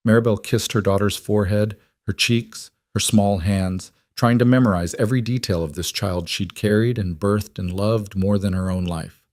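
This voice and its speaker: A man's voice: lowish voice, steady tone, normal speed, darkish tone, no room sound, clean studio sound. A man reading a dramatic story in a scripted narration style.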